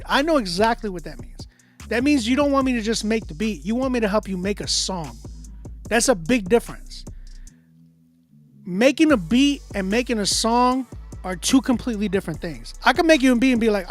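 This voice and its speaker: A man's voice: extremely high pitch, animated, normal speed. A man who is a music producer and engineer, giving loose, filler-heavy feedback on a live stream. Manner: loose, conversational, many fillers and restarts. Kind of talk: casual livestream critique. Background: beat playing in the background.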